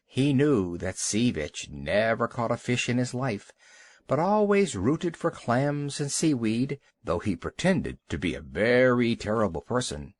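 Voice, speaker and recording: Animated man reading a children's story. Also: medium pitch, unhurried, no room sound. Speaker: audiobook narrator. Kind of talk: scripted storybook narration for children.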